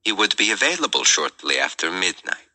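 A man's voice: deep voice, sing-song, fairly quick, bright, forceful tone, exaggerated voice, low-quality recording. A man voicing a cryptic, formal woman. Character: excited, formal woman contact.

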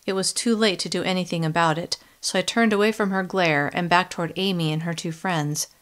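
A woman reading a first-person young adult novel in a steady, measured audiobook narration. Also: fairly low pitch.

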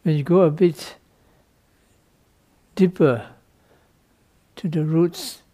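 Slow and mellow, slightly high in pitch, the monk gives a dharma talk to his students. He speaks loose, non-native English and keeps the teaching playful, sprinkling in "no?" to check understanding along with small laughs.

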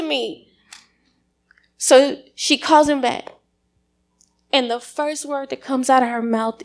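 A middle-aged woman tells her side of the story to a church congregation with animated, dramatic delivery. Her voice is high-pitched with a gravelly fry running through it. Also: slow pace, pauses often. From United States. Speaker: church member giving testimony. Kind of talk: personal testimony.

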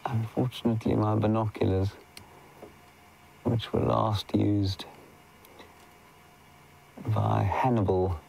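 A man's voice: on the low side, little pitch movement, slow, gravelly, long pauses, warm tone, slight background noise, rough recording. A man working as a safari guide, giving chatty, enthusiastic live wildlife commentary outdoors and answering viewer questions. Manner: chatty, enthusiastic, drops to a whisper at times. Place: outdoors in the bush.

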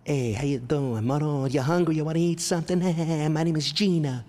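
A man voicing his tiny, fiery Italian mother in a high, excitable voice with a put-on Italian accent. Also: fairly quick, in a large hall, close to an everyday voice. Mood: doting.

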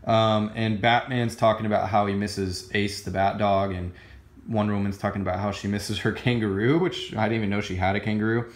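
A man's voice: on the low side, a little fast, roomy sound. A man casually reviewing a comic book, rambling and gushing with many fillers and restarts. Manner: excited, gushing.

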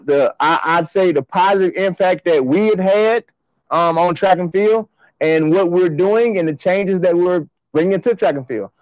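Excited guy with a high voice hyping his fans, slangy and loud, dry dull phone sound. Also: dry recording. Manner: hyped, hollering, slangy and repetitive. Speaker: host of a track and field show. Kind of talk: excited livestream talk to fans.

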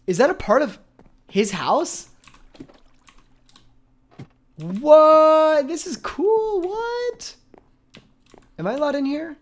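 A man streaming a game live, chatting with viewers, excitable and quick to laugh. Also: sits high. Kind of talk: live gaming stream chat.

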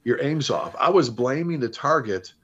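Animated man telling stories. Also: mid-range voice, normal speed, breathy edge. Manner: animated storyteller, acts out quoted dialogue, frequent restarts. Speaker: fire service leader and author, interview guest. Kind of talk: conversational storytelling. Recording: dull lo-fi interview audio.

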